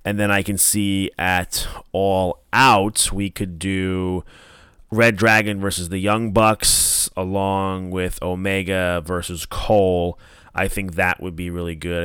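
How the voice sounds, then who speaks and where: A man's voice: sits low, fairly bright tone, clean tone, no echo, studio quality. A young man casually reviewing wrestling as a podcast host, rambling with many fillers and acting out quotes.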